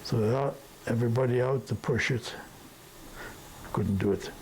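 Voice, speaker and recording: A man's voice: medium pitch, normal speed, gravelly, a little mellow, a little hiss or hum, rough recording. An older man from the Sudetenland reminiscing in a rambling storytelling way, tacking questions onto his sentences. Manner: rambling, peppered with tag questions. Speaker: interviewee.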